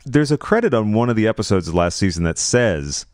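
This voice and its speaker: A man's voice: lowish voice, very animated, fairly quick, darkish tone, no room sound, clean studio sound. A young adult man hosting a podcast, chatting and joking dryly while recapping a reality show. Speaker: podcast host.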